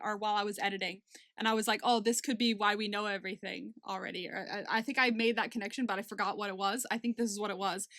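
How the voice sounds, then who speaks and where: A young woman co-hosting a podcast in casual chat, talking in quick restarts and laughing often. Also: medium pitch, fairly bright tone, dry recording, studio quality. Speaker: podcast co-host.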